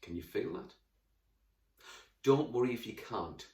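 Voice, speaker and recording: A man teaching a lesson to young children, talking straight to them in a lively way. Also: mid-range voice, a little slow, gravelly, reverberant, far from the mic. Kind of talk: classroom lesson to camera.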